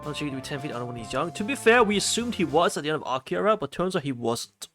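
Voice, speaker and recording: An excitable male streamer reading a visual novel aloud and chatting with his viewers, his voice sitting a touch high and swinging widely in pitch. He curses casually and reacts loudly. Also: fast, soft background music. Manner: animated, swears freely, talks to chat.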